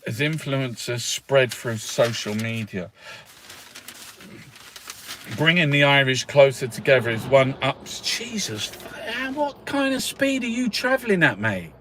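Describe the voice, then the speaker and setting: Here the newspaper review comes from a man with a medium-pitched, fairly bright voice, very animated yet unhurried, with a little hiss or hum on the recording. This political commentator rants sarcastically and casually through the news, laughing a lot and cursing along the way.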